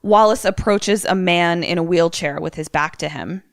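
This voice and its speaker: Woman, podcast co-host, chatty film recap, smooth voice, slightly low, dry sound. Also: moderate pace, no echo. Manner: chatty, animated storytelling with fillers.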